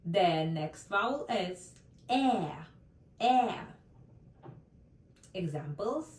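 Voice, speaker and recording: A woman's voice: lowish voice, expressive, very slow, distant mic. A woman from Central Asia teaching a Russian language lesson online, carefully saying each example word twice. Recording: roomy echo, voice from away from the mic.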